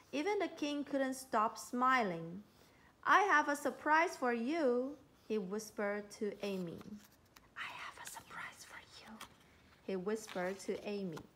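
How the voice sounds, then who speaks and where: A woman's voice: a little high, lively intonation, measured pace, a bit bright, slight background noise. A woman reading a children's storybook aloud, giving the quoted lines small voices. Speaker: storybook reader.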